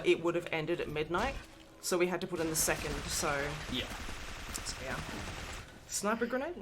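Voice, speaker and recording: A woman hosting a casual charity livestream, chatty and quick to laugh, with casual swearing. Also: fairly low pitch. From Australia. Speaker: livestream host. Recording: noisy livestream mic.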